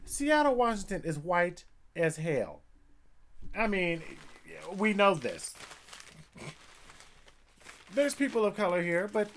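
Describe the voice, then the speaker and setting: A man's voice: high voice, very animated, a little slow, slight background noise. A man vlogging a heated commentary rant, talking in a profane, conversational way. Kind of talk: ranting commentary vlog. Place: Seattle, Washington.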